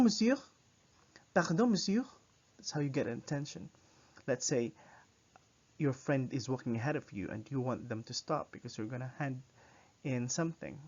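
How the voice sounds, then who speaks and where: A man teaching a recorded language lesson, repeating each phrase slowly for the learner to copy. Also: medium pitch, vocal fry, a little mellow. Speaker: French teacher. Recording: muffled lo-fi recording.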